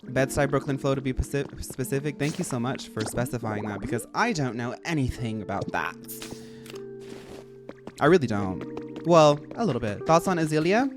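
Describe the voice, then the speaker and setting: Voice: mid-range voice, lively intonation, moderate pace, music in the background. A streamer chatting casually while playing a game, rambling and full of filler words. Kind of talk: casual gameplay chat.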